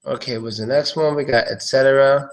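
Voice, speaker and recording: A man teaching English pronunciation on a live stream, relaxed and thinking aloud, slowly repeating each word. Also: mid-range voice.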